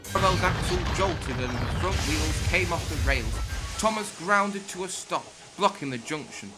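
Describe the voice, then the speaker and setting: A man narrating a children's railway story in an animated reading voice. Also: fairly high pitch, moderate pace. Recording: loud music under the voice. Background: loud background music.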